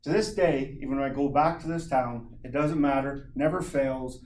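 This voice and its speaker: A man giving a humorous personal story as a club speaker, lively and chuckling, imitating sounds as he goes. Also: mid-range voice, normal speed, slight background noise.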